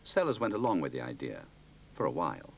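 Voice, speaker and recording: A man's voice: rumbling low, wildly swooping pitch, a little fast, creaky, slight background noise. A man giving scripted documentary narration.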